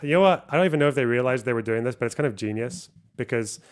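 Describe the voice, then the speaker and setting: A man's voice: mid-range voice, animated, rapid-fire, smooth. A man hosting a live stream, chatting casually and swearing freely. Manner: laid-back, swears casually. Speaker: streamer host. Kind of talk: casual chat.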